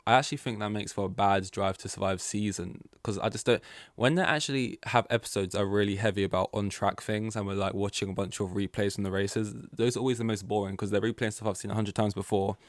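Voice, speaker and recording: Young male podcast host, casual solo chat, slightly low voice, dry close sound, rambling delivery with lots of fillers. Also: steady tone, quick pace, no room sound. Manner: rambling, chatty, many fillers and restarts.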